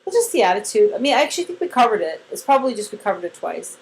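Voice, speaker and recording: A woman's voice: medium pitch, big pitch swings, racing, poor audio. A woman giving a casual one-on-one training session to a new team member, chatty and demonstrative as she acts out examples.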